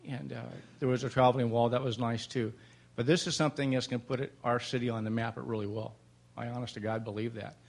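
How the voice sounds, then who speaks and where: A man's voice: mid-range voice, flat delivery, fast, vocal fry. An older man in his seventies, a Vietnam veteran, giving an emotional, plainspoken public comment at a city council meeting.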